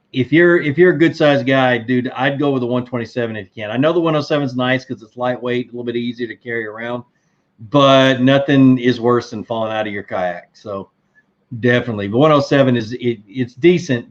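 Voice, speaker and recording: With the highs cut off, this medium-pitched recording captures a middle-aged fishing livestream host. He answers viewer questions in a loose, relaxed ramble, constantly using fillers and starting sentences over.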